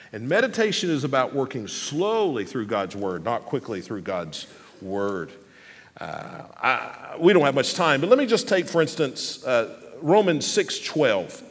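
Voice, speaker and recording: A man's voice: a little high, fairly bright tone, big-room sound. A man preaching a sermon as a pastor, earnest and emphatic, repeating phrases to stress each word.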